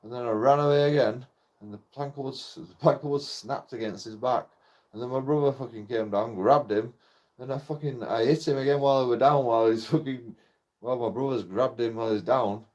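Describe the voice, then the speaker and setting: Young man, mid-pitched voice, casual storytelling, rambling, heavy swearing, nervous laughs. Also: fairly quick, darkish tone. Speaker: channel host telling a personal story.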